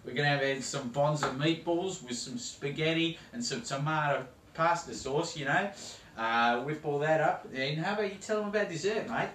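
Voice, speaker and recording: A man with an Australian accent playing a loud, slang-heavy Aussie cooking-show host in a comedy skit, in a home kitchen. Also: fairly high pitch, normal speed, close to an everyday voice. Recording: roomy kitchen, far from mic, noisy.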